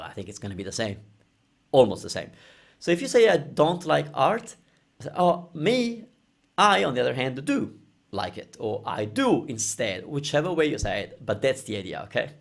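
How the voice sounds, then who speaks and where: A man teaching a language lesson, explaining over slides, repeating phrases slowly and checking in with "okay?". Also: on the high side, creaky.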